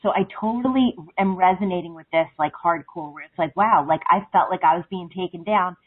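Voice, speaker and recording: A woman calling into a talk show over the phone. She rambles through her thoughts, filling them with "like" and "um". Her voice is a bit husky and comes through thin and narrow. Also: lowish voice, brisk. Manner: rambling, full of "like" and "um". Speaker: caller. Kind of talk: casual phone-in chat. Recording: phone line.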